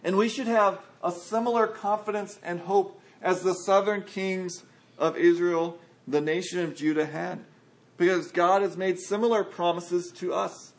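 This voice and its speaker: A man's voice: sits high, steady tone, a little slow. A man preaching a sermon earnestly, acting out quotes from scripture. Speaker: pastor.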